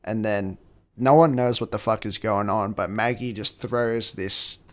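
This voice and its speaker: A man's voice: fairly low pitch, measured pace. A man co-hosting a podcast, casually recapping a film with lots of swearing. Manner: profane, animated retelling. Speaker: podcast co-host.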